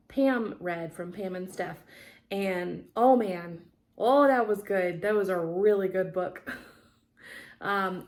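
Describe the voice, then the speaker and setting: A young woman chatting casually in her craft vlog, rambling with lots of fillers. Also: mid-range voice. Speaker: cross-stitch vlogger. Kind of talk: casual chat.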